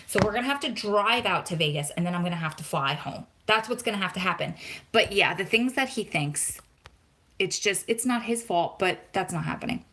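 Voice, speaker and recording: A woman's voice: mid-range voice, a little fast, a little hiss or hum. A woman in her thirties from New Jersey, hosting a casual live question-and-answer vlog, telling stories with lots of quoted back-and-forth and sounding close to tears. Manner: chatty, animated storytelling with quoted dialogue. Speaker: vlog host.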